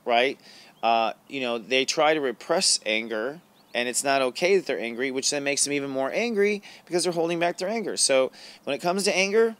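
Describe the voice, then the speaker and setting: A man's voice: medium pitch, lively intonation, brisk, fairly bright tone. A middle-aged man hosting an astrology show, talking casually and confessionally to camera, with frequent fillers and laughs. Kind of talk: casual spiritual talk to camera.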